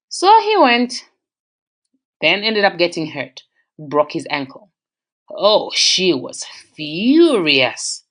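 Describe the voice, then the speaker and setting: A woman with an Australian accent telling a personal relationship story in a casual, animated way, jumping in pitch for emphasis. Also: slow.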